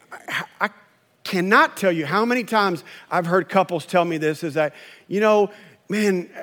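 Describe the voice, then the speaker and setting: Acting out people's words and laughing at his own anecdotes, a pastor gives a relaxed, chatty sermon. His voice is high-pitched and a bit bright.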